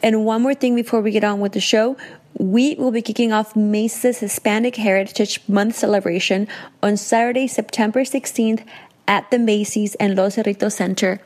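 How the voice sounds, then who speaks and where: A woman's voice: mid-range voice, steady tone, moderate pace, a little mellow. Woman podcast co-host, mid-range voice, direct and comforting, booth recording. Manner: reassuring, upbeat and direct. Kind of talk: casual chat.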